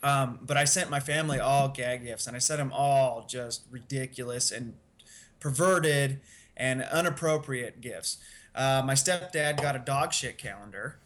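A man's voice: mid-range voice, a little slow, a bit bright. A man, a guest on a podcast, telling stories casually and laughing through them. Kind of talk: casual storytelling.

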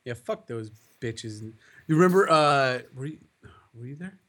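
A young man co-hosting a casual podcast, swearing freely as he tells stories. His voice sits at an ordinary middle pitch. He gets animated and laughs through his own stories. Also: unhurried. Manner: profane, animated storyteller, laughs a lot. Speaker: podcast co-host. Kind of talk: casual chat.

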